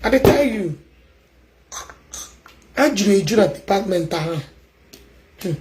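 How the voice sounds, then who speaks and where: A Nigerian woman with an Igbo accent chatting loudly and emphatically as a stream host, mixing English and Igbo. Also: medium pitch, animated, a little slow, slight background noise, low-quality recording. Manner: loud, emphatic talker.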